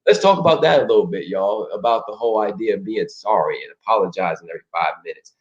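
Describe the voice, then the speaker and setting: A man co-hosting a relationship talk show, animated and acting out people in voices. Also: fast, highs cut off. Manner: animated, acts out people in shouted high put-on voices. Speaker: podcast co-host.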